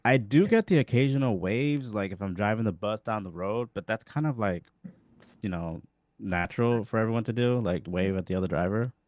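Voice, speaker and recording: A man, a former Jehovah's Witness, telling animated stories on a casual online panel, saying "bro" and "like" a lot. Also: on the low side, a little fast, no room sound.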